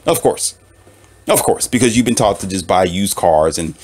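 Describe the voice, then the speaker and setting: A man giving relationship advice in a casual monologue to listeners, preachy and animated, often laughing at his own points and piling up rhetorical questions. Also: fairly low pitch, normal speed, noisy background.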